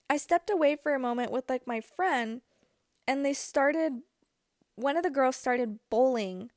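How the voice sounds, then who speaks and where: Casual storytelling from a young female podcast host: her slightly high voice relays a personal anecdote in a lively, chatty way packed with fillers. The sound is clean studio audio with no room tone.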